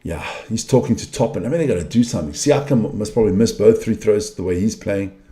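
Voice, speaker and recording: A man's voice: on the low side, quick pace, warm tone. A middle-aged man reacting live to a basketball game as a fan commentator, frustrated and blunt, swearing at bad plays. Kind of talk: live watch-along commentary.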